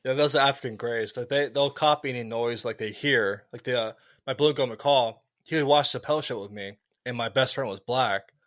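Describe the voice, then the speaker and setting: A man co-hosting a relaxed podcast, drifting through long anecdotes with plenty of ums and restarts. His voice sits at an ordinary middle pitch, and the sound is close and dry, without room reverb. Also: brisk, hardly any pauses. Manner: rambling anecdotes with many fillers and restarts. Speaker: podcast co-host. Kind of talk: casual chat.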